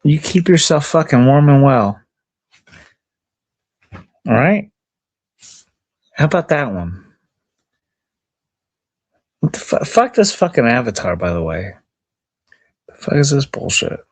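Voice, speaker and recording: A man's voice: mid-range voice, sing-song, slow, pauses often. A man livestreaming outdoors in the cold, ranting angrily and profanely at his chat and at himself.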